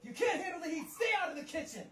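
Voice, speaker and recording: Someone hamming up a cocky anime dub fighter with shouty tough-guy bravado, in a clip played back from far off. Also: very high-pitched, very animated, racing, full character voice. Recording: distant, roomy, noisy clip audio.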